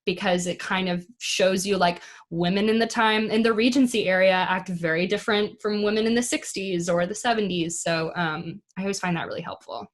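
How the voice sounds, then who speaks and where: A woman's voice: mid-range voice, fairly even intonation, a little fast, hardly any pauses. A woman speaking as an actress guest in a casual interview, chatty, with many fillers and easy laughs. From United States.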